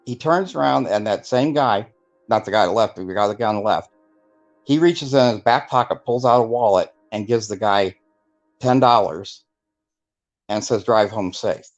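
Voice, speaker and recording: A man's voice: on the low side, normal speed, long pauses, dull audio, faint music behind. A man telling his life story in a casual interview, rambling with many fillers and acting out the voices of people he quotes. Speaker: guest telling his testimony.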